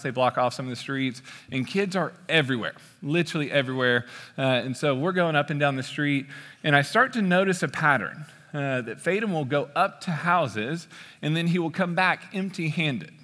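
A man in his thirties preaching a sermon, telling a story in a relaxed, joking way with frequent "uh" fillers. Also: on the high side. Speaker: pastor. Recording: long hall reverb.

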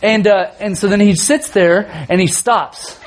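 A man in his thirties, a youth pastor telling a funny family story in a sermon, animated and often laughing. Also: high voice, unhurried, a little hiss or hum.

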